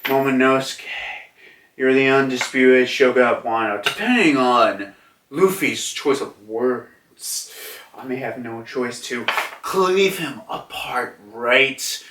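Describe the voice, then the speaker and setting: A man's voice: mid-range voice, takes it slowly, noisy background, natural voice. A man reading as a stern samurai retainer. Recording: roomy, from a distance.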